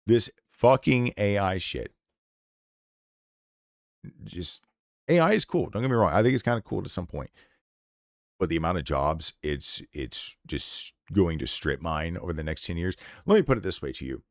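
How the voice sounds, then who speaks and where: A man's voice: low voice, big pitch swings, normal speed, long pauses, no echo, studio quality. A man streaming live, delivering an impassioned, profanity-laced rant in a blunt, unscripted way. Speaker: game streamer.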